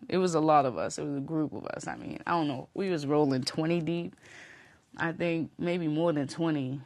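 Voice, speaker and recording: A woman's voice: low voice, normal speed, a little mellow, no room sound. A woman vlogger telling a rambling storytime, casual and profane, full of fillers.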